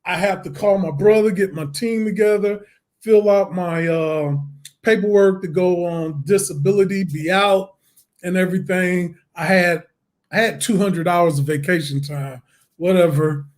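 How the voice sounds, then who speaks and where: A man, a guest on an interview show, telling his story in a lively way, acting out the voices and laughing often. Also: high-pitched, a little slow. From Detroit, USA.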